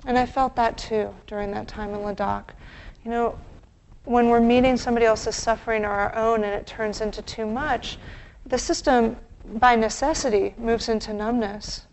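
A woman meditation teacher giving a dharma talk, gentle and reflective, with pauses. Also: on the high side, fairly even intonation, slight background noise, poor audio.

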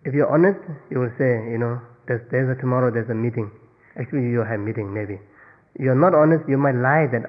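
A Buddhist meditation teacher giving a dharma talk in simple, non-native English, playfully acting out little everyday scenes. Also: male voice, mid-range voice, moderate pace. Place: meditation retreat hall. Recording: tinny lo-fi recording with long hall reverb.

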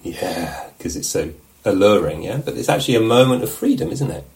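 A man teaching meditation, giving a relaxed, musing dharma talk at a retreat and often checking in with his listeners. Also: on the low side, a little fast, vocal fry, low-quality recording. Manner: reflective, musing, asks questions of the listeners. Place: meditation hall.

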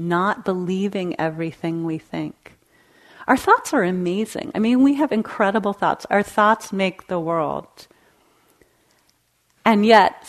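A woman meditation teacher giving a dharma talk in a gentle, conversational way, laughing lightly now and then. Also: medium pitch. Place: meditation hall.

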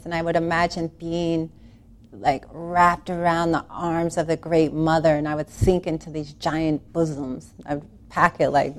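A woman telling a long personal story about a spiritual retreat, earnest and animated, rambling with restarts and laughing now and then. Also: on the low side.

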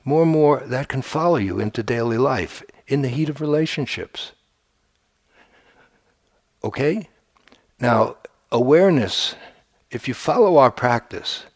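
A man's voice: medium pitch, no echo, clean studio sound. Conversational male meditation teacher. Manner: conversational, humorous, with frequent restarts. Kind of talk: dharma talk. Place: meditation retreat center.

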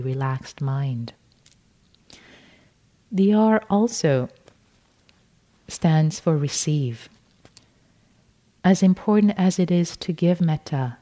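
A woman meditation teacher gives a gentle, unhurried dharma talk at a retreat. Her voice is mellow and a little low, and she repeats words softly. She often pauses and restarts her phrases.

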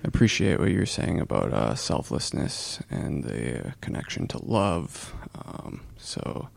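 A man offers a reflective comment to a meditation group, speaking very slowly with lots of hesitations. His voice is heavily gravelly and husky, and its pitch rises and falls a lot. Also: sing-song, no room sound. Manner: hesitant, thoughtful, many fillers. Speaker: group participant.

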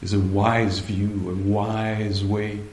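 Slow, searching male meditation teacher. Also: fairly low pitch, flat delivery, darkish tone, slight background noise. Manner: slow, hesitant, searching for words. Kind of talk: retreat dharma talk. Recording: echoey room, faint ambience.

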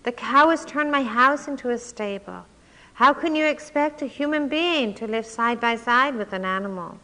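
A desperate poor man pleads in anguished bursts, as a woman reads his part aloud. The voice sits a little high with a forceful, bright tone. A long reverb trails each phrase, as in a big hall. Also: expressive, measured pace. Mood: pleading.

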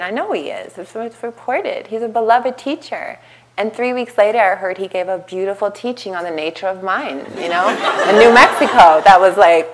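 A woman meditation teacher giving a dharma talk at a retreat center, telling a story with lively acted-out quotes and frequent laughter. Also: mid-range voice, rough recording. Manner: animated storytelling, acting out quotes, laughing often.

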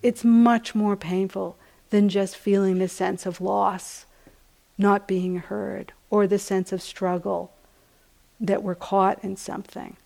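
Gravelly-voiced woman giving a dharma talk. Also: medium pitch, flat delivery, takes it slowly. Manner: gentle, conversational, many "you know" fillers. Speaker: meditation teacher. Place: retreat center hall.

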